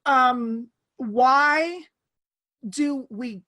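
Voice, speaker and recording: A woman in her thirties hosting a casual chat over an online call, animated and laughing, often acting out quoted voices. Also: high voice, extremely slow. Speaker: podcast host.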